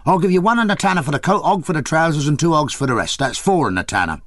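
A man voicing a male newspaper seller who haggles quickly and scornfully. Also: a little high, animated, a bit bright, no echo, clean studio sound, voice pushed up.

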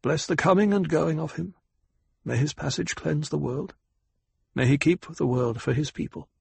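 A man's voice: fairly high pitch, moderate pace, vocal fry, darkish tone, breathy edge, no room sound, pitched above the performer's own voice, heavily acted. A man voicing a grave, formal desert ecologist who speaks in a solemn murmur. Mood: reverent.

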